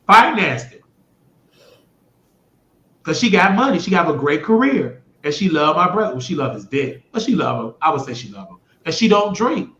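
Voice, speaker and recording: A blunt, rambling man hosts his own show with a higher-than-usual voice, swearing freely and lurching from loud bursts to low mutters. The sound is dull and lo-fi, and it echoes off the walls of the room. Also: sing-song, normal speed. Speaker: show host. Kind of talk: casual rambling monologue.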